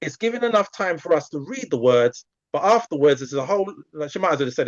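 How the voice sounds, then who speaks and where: A man's voice: a little high, fast talker, few pauses, no echo, dull audio. Chatty man coaching on a video call. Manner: chatty, animated, acts out examples. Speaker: community coach. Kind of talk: live video call masterclass.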